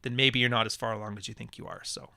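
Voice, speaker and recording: A man's voice: lowish voice, steady tone, fast, gravelly, bright, forceful tone, clean tone, no room sound, studio quality. A man hosting a live podcast, reading chat messages and talking in a blunt, profane, wisecracking way. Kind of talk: casual livestream monologue.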